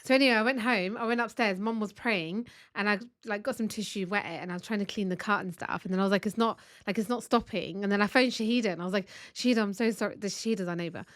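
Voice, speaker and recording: A woman co-hosting a podcast from home, telling stories in a chatty, animated way. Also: mid-range voice, fast, hardly any pauses, no room sound, studio quality. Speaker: podcast co-host. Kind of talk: casual chat. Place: family home.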